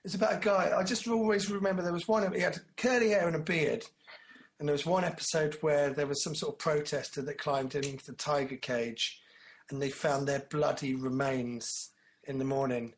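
A man talking in a loose, rambling way, full of jokes, with a slightly higher-than-usual voice. He drifts between stories and acts out little quotes as he goes. Casual back-and-forth chat. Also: fairly even intonation, normal speed. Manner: rambling, jokey storyteller who acts out quotes. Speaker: podcast co-host.

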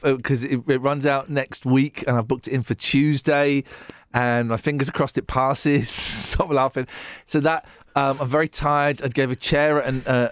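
A man's voice: medium pitch, smooth, dry recording, clean studio sound. A man hosting a radio show, bantering, laughing often and reading out odd news stories. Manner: jokey, laughs often, does silly voices.

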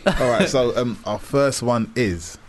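A man's voice: medium pitch, a little slow. A man co-hosting a casual radio chat, laid-back and rambling, often repeating himself. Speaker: radio co-host.

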